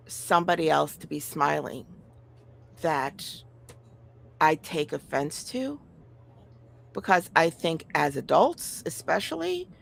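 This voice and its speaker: Middle-aged woman, gravelly mid-pitched voice, blunt and profane, sighs a lot, casual chat. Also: pushed and bright.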